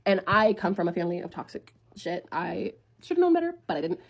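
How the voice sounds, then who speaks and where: A woman's voice: fairly low pitch, very animated, fast talker, gravelly, muffled recording. A woman in her twenties telling a storytime to viewers in a casual, blunt way, swearing freely and talking like a friend.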